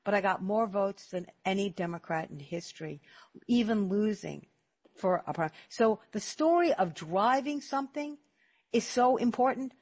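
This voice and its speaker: Husky animated older woman host. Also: medium pitch, moderate pace. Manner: animated storytelling, emphatic repetitions. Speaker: radio talk show host. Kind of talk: casual talk radio chat.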